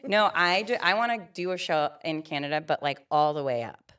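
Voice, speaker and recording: A woman's voice: sits low, lively intonation, a little fast, fairly bright tone, clear, resonant tone. A middle-aged woman hosting a podcast, joking playfully in casual chat. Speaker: podcast host.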